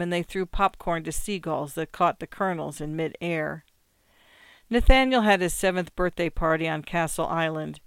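A calm reader carries a literary short story at an even, measured pace. The voice is smooth and resonant. The recording is close and completely dry, with no room sound. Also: mid-range voice, no room sound. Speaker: audiobook reader. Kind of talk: scripted short story narration.

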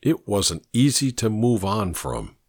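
Guy narrating a novel, expressive up-and-down voice, measured, dry close mic. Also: fairly low pitch, no echo. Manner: measured storytelling. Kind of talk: audiobook narration.

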